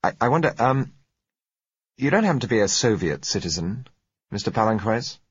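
A man voicing a cautious managing director in an audiobook, speaking in a brisk, businesslike way. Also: on the low side, big pitch swings, breathy edge, no room sound, highs cut off, voice pushed up, heavily acted.

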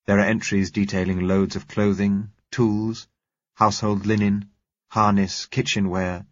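Husky low-voiced man reading an audiobook. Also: no echo. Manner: measured, even, plain. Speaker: audiobook narrator. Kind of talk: scripted narration. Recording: dull lo-fi, dry.

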